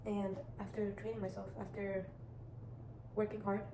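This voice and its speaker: A woman's voice: mid-range voice, level tone, moderate pace. A teenage girl vlogging casual self-improvement advice, rambling and chatty with lots of restarts. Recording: echoey room with clear background noise.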